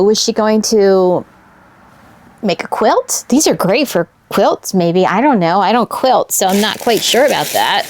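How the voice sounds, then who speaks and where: A woman's voice: mid-range voice, darkish tone, no room sound. A woman casually showing vintage fabric scraps to her viewers, musing and sentimental as she unpacks them. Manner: wistful, sentimental, talks to viewers while unpacking; unhurried and musing. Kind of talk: casual show-and-tell vlog.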